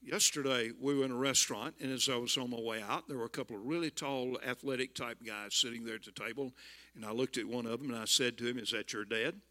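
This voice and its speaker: A man in his seventies with a Southern US accent, telling stories in a folksy sermon and building to loud exclamations. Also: medium pitch, fast. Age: 70s. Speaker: visiting preacher. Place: church.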